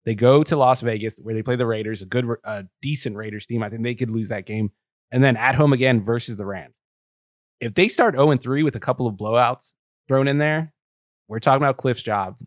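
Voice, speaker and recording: A man's voice: medium pitch, brisk, dry recording, studio quality. Matter-of-fact man predicting football. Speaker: co-host of a football podcast. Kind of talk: casual sports analysis.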